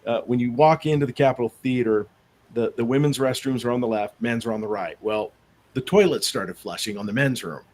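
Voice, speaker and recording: A man's voice: medium pitch, a little fast, a little mellow. Rambling man telling ghost stories. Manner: rambling anecdotes with fillers and restarts. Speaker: paranormal investigator guest. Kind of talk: casual storytelling in a podcast interview.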